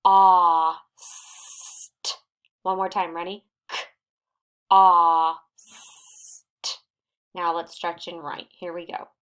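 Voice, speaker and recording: Fairly low in pitch yet fairly bright, this woman's voice has a flat delivery. She's a reading teacher giving young children a recorded phonics lesson, patiently and slowly sounding out each word.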